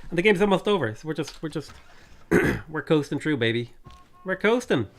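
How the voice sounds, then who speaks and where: A man's voice: on the high side, animated, fairly quick, vocal fry. A man streaming a strategy game, tired-voiced, chatting casually, joking, reading viewer questions aloud and humming tunes. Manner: joking, reads chat aloud, hums tunes. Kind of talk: casual livestream chat while gaming.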